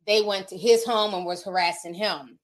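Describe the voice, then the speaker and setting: A woman hosting a casual gossip livestream, talking to her chat in an animated, chatty way. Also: medium pitch, normal speed. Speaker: streamer. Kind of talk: casual celebrity gossip stream.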